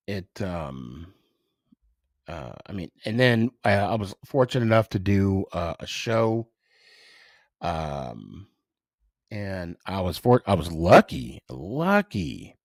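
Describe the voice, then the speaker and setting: A man hosting a podcast, talking casually in a halting way, full of fillers and restarts. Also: sits low, dry recording, studio quality. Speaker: podcast host. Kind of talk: casual emotional monologue.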